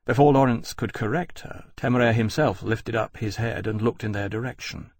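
Brief: male narrator, husky, mid-pitched, dry booth. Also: no room sound. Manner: measured, steady storytelling. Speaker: audiobook narrator. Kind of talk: scripted narration.

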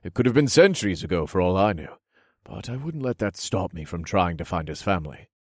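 A man with a very low, husky voice reads a first-person story aloud. His delivery is steady and earnest, and the recording is dry and close. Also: a little fast, no room sound. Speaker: audiobook narrator.

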